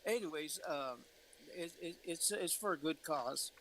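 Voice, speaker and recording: A man's voice: on the high side, a little slow, fairly bright tone, slight background noise, rough recording. A man talking on a casual livestream, rambling and losing his train of thought.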